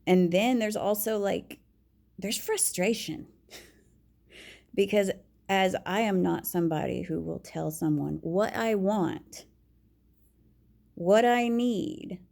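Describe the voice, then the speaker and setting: A woman talking frankly and confidingly about herself in a personal monologue, with halting restarts and dropping to a whisper when she quotes herself. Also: mid-range voice, gravelly, a little mellow. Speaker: vlogger.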